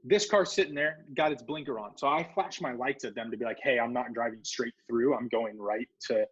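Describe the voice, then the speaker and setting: A man's voice: mid-range voice, a little fast, husky, muffled recording. A man co-hosting a podcast, telling a story in casual chat and acting out the people in it. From Southern California. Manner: animated storyteller, acts out quoted voices. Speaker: podcast co-host.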